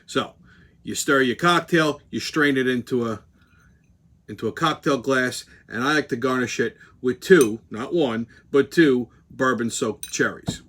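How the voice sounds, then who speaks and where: Brash New Yorker with a sharp voice. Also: male voice, mid-range voice. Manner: blunt, profane, animated. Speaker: host. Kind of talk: casual commentary while mixing a drink.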